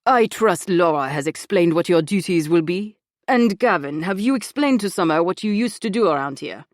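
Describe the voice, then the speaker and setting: A woman's voice: on the low side, expressive, moderate pace, dry recording, studio quality, close to an everyday voice. A woman reading an audiobook, voicing a sixty-year-old male gallery owner who is suave and condescending. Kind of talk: audiobook narration.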